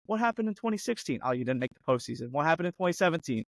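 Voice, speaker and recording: A man co-hosting a sports podcast, ranting heatedly and mocking a team with rapid-fire rhetorical questions, his voice going hoarse. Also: a little high, very animated, dry recording. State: losing his voice. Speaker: podcast co-host.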